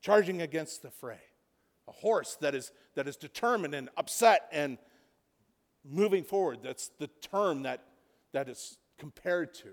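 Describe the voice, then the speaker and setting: A man preaching a sermon, retelling a story, dropping to a hush and then building to loud emphasis. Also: on the high side, expressive, unhurried. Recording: reverberant hall.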